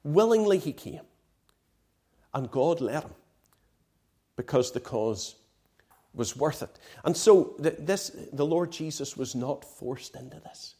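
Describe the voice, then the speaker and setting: A man's voice: on the high side, animated, slow, long pauses, warm tone. Impassioned man preaching a sermon. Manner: impassioned, emphatic, rhetorical "right?".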